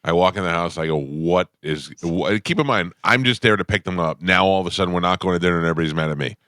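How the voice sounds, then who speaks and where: A middle-aged man hosting a morning radio show, telling a story with defensive energy and getting louder as he goes. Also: low-pitched, racing, dry recording, clean studio sound. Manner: storytelling, defensive, gets louder when retelling. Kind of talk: casual morning radio banter. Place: radio studio. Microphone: studio microphone.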